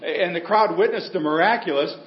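Male pastor, fairly high voice, chatty storytelling sermon, roomy church sound, slightly muffled recording. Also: fairly quick. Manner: conversational storytelling with humor.

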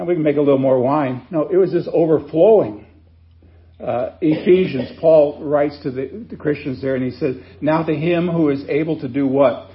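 A man's voice: fairly high pitch, muffled recording. A pastor preaching a sermon to his congregation in a conversational way, asking rhetorical questions and repeating key phrases for emphasis. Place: church sanctuary.

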